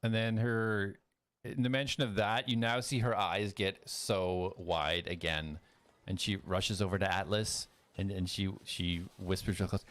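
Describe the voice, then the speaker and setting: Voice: deep voice, steady tone, measured pace, a bit bright. A game master narrating a tabletop role-playing scene in a descriptive way, with fillers like "kind of".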